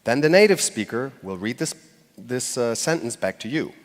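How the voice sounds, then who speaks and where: A man speaks from a stage in a conversational way, turning to the audience as he goes. His voice sits at an ordinary middle pitch. A long hall reverb trails each phrase. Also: expressive, moderate pace. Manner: conversational, addresses the audience directly. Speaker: speaker giving a public talk. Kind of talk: conference talk. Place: stage before a live audience.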